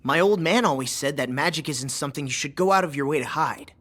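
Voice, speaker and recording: A man's voice: fairly high pitch, quick pace, a bit bright. An actor voicing a stubborn, good-natured teenage boy who is a novice mage in an anime dub, plain-spoken and sincere. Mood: earnest. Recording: studio dub with music behind.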